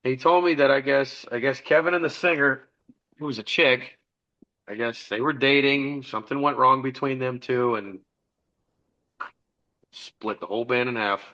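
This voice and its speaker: A middle-aged man spins a long, swearing-laced story as a podcast guest, slipping into the voices of the people he quotes. His tone is bright and forceful. The audio is dull and lo-fi. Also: medium pitch, steady tone, moderate pace, pauses often. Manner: rambling, profane, acts out dialogue. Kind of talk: casual storytelling interview.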